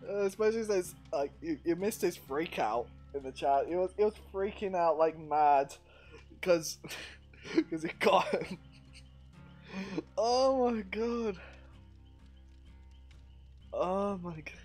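Over soft background music, a streamer host talks on his headset with a friend during a relaxed gaming session, laughing frequently in a giggly way. He speaks at a measured pace in a somewhat high, slightly mellow voice.

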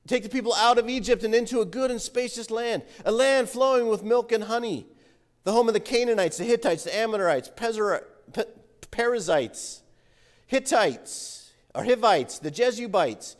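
A male pastor preaching a sermon, animated as he reads scripture and comments on it. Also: extremely high pitch, moderate pace. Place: church sanctuary. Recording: reverberant church hall.

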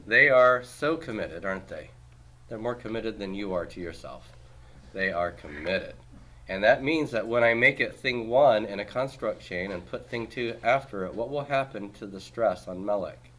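A man with a fairly low voice leads a classroom homework review, firing off questions and answering them himself. He keeps a brisk pace and drops the odd dry joke. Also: fairly bright tone, slight background noise. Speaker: Hebrew teacher.

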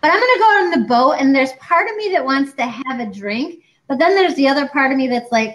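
A high-pitched woman in her forties talks in a lively, chatty way. She co-hosts a casual chat and acts out other people's lines as she goes. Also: quick pace, hardly any pauses, rough recording. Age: 40s. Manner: chatty and animated, acting out quoted doctors. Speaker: co-host.

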